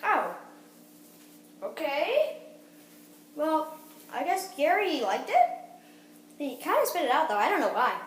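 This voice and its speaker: A woman's voice: high voice, big pitch swings, slow pace, pauses often, roomy sound, slight background noise. A woman giving a goofy, rambling casual how-to vlog, cutting herself off with silly asides. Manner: goofy, rambling, self-interrupting. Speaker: vlogger demonstrating a snack.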